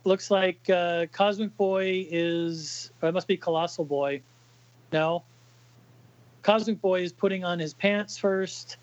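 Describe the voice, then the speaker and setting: A man with a high-pitched voice talks through a comic book in casual podcast chat, hesitating often along the way. The sound is slightly dull and very dry, close to the mic. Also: fairly even intonation, no echo. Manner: halting, with many fillers. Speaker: podcast co-host reading a comic aloud.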